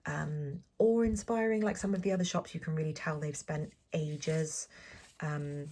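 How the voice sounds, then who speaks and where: A young Englishwoman chatting through a planner sticker haul, gushing and saying um a lot, often dropping to a soft whisper. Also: low voice, creaky, slightly rough. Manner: chatty, gushing, frequent ums and apologies. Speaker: planner vlogger. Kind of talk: casual sticker haul voice-over.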